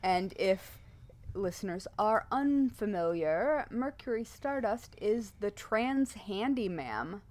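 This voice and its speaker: This podcast co-host has a mid-range, expressive voice and a slow pace. Chatting casually and playfully, she delivers a rhyming intro in a hushed, spooky manner.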